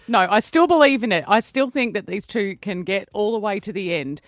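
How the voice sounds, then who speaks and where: A woman's voice: medium pitch, expressive, a little fast, no room sound. An Australian woman co-hosts a radio show, talking in an earnest, chatty way and thinking aloud. Her studio mic gives a close, dry sound. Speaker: radio host. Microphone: studio microphone.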